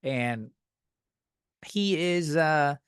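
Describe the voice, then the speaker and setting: A man's voice: fairly high pitch, lively intonation, very slow, a bit bright, clear, resonant tone, no echo, clean studio sound. A man hosting a comedy podcast, talking bluntly with lots of swearing, rambling and restarting his sentences. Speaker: podcast host.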